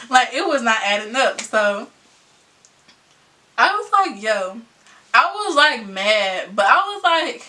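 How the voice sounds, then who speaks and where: A young woman vlogger telling a storytime in a casual, slangy way, animated and laughing often. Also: sits high, far from the mic.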